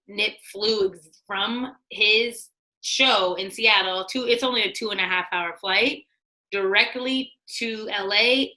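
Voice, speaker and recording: A middle-aged woman, a former studio executive, telling lively stories in casual conversation, acting out what people said and laughing often. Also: mid-range voice, poor audio. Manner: animated, acts out quotes, laughs often. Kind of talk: casual storytelling.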